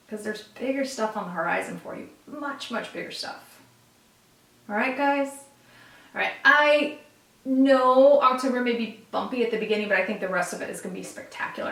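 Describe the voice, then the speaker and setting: A woman's voice: medium pitch, a bit bright, distant mic. A woman giving a casual tarot reading, talking bluntly with tough-love encouragement to her viewers. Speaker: tarot reader. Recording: echoey room, voice a bit off-mic.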